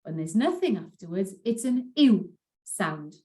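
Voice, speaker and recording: A woman giving a pronunciation lesson, repeating words slowly and clearly for learners. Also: medium pitch, sing-song, warm tone. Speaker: Welsh language teacher.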